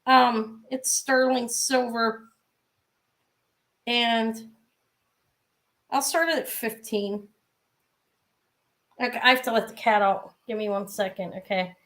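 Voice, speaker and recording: A middle-aged woman with a somewhat high voice talks loosely and warmly as she runs a live jewelry sale. She rambles from piece to piece with fillers and little asides. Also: steady tone, slow, pauses often. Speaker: live jewelry auction seller. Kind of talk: casual live-stream selling chat.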